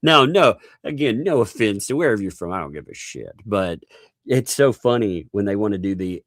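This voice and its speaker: A man with a Southern accent hosts a live stream in loose, animated chat. His voice sits low and gravelly, and his pitch rises and dips a lot. The sound is close and dry. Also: moderate pace, dry recording. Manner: animated, laughing, mocking voices in asides. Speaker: host.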